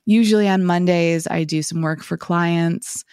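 A woman's voice: fairly low pitch, fairly even intonation, measured pace, a little mellow, clear, resonant tone, no room sound, studio quality. A woman hosting a solo podcast, talking through her thoughts in a rambling, reflective way with many filler "like"s. She sounds tired and slightly scratchy. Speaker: podcast host.

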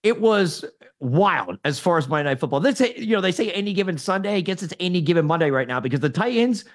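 A man guesting on a talk show, speaking in casual opinion chat, animated, laughing often and tripping over repeated words when fired up. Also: high-pitched, fast.

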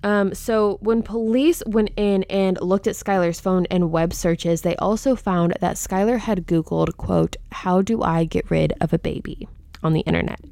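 A woman's voice: fairly low pitch, steady tone, unhurried, gravelly, warm tone, dry recording. A woman hosting a true crime podcast who speaks outspokenly and with indignation, openly stating her own opinion, close to the microphone. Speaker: podcast host.

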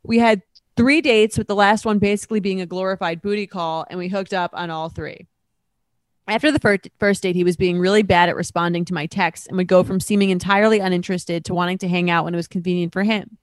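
A woman co-hosting a casual chat, talking quickly and loosely with many fillers, and reading a letter aloud. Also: lowish voice, steady tone, no room sound. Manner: chatty, lots of "like" fillers. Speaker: podcast co-host.

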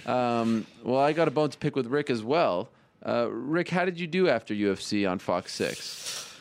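A man hosting a show, chatting casually and teasing his co-hosts with quick questions. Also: mid-range voice, expressive. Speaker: host. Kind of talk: casual chat.

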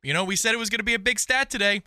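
A man's voice: high voice, racing, clear, resonant tone, no echo, studio quality. A man co-hosting a sports talk show, trading wry jokes and mock play-by-play calls. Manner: wry, deadpan play-by-play parody. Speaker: sports radio co-host. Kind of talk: casual sports banter.

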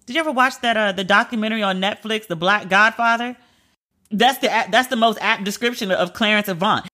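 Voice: mid-range voice, bright, forceful tone. A commentator reading entertainment news aloud in a casual, chatty way and reacting openly between the items.

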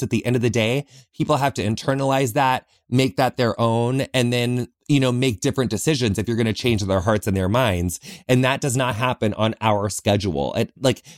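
A man's voice: mid-range voice, no room sound, clean studio sound. A man hosting a podcast, talking alone in an earnest, reflective way from inside a small closet, often saying "like". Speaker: podcast host. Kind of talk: heartfelt solo podcast talk.

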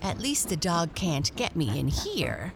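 A woman's voice: lowish voice, very animated, a little slow, vocal fry, over music, heavily acted. A woman voicing a musing little black cat. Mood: relieved. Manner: chatty inner musing. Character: small female black cat, timid but adventurous.

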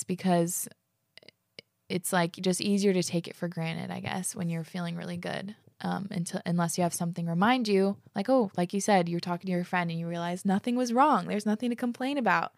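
A woman's voice: lowish voice, creaky, dry recording, clean studio sound. A woman hosting a podcast in casual chat, gushing and emotional, tearful as she reads listener letters. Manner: gushing, emotional, says "like" a lot. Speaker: podcast host.

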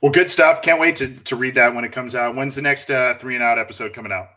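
A man's voice: mid-range voice, fast, bright, forceful tone. A man hosting a casual sports podcast, talking in a chatty, conversational way with plenty of fillers. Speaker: podcast host.

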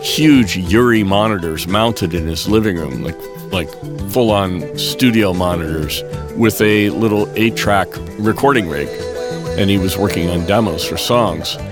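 A man telling a personal story in a relaxed podcast conversation, getting animated when he acts out quotes. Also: low-pitched, measured pace, music in the background. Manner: animated when quoting, relaxed fillers and restarts. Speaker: guest musician telling a story.

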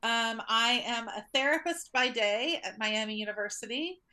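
Bright cheerful Midwestern woman. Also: a little high, normal speed. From Ohio. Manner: cheerful, chatty, laughs often. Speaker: guest, therapist. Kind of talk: casual interview chat.

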